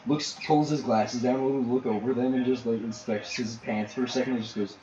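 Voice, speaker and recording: A man running a tabletop game, narrating in a halting way with many fillers. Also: medium pitch, steady tone, warm tone, echoey room, highs cut off, slight background noise. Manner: halting, filler-heavy storytelling. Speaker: game master.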